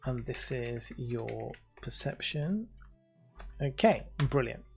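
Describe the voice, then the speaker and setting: A man's voice: medium pitch, expressive, slow pace, gravelly, faint music behind. Easygoing British man running a game. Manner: chatty and easygoing, reads descriptions steadily then chats loosely. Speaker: game master. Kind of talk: running a tabletop game, reading adventure text.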